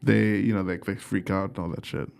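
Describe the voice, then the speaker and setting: A man's voice: deep voice, steady tone, brisk, creaky, a little mellow, smooth. A young man, a comedian guest, telling stories in a casual, profane, self-mocking way. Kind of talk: casual storytelling.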